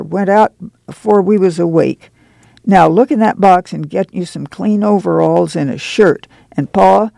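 A man's voice: high-pitched, creaky, a little mellow, no room sound. A man reading the part of a weary, guarded migrant farm mother in a folksy rural drawl.

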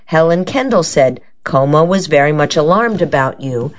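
A woman's voice: sits low, animated, moderate pace. Careful young niece, woman reading, little conviction, lo-fi muffled. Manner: unconvincing, careful. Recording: dull lo-fi recording.

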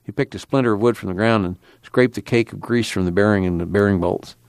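A man narrating a story in a plain, steady reading voice. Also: on the low side, fast talker, no room sound. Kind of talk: audiobook reading.

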